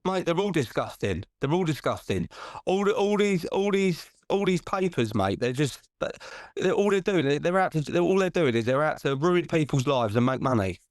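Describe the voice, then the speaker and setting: A British man talking as a podcast guest, indignant and animated, often restarting and asking "do you know what I mean". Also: a little high, normal speed, dry recording, studio quality. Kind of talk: casual podcast chat.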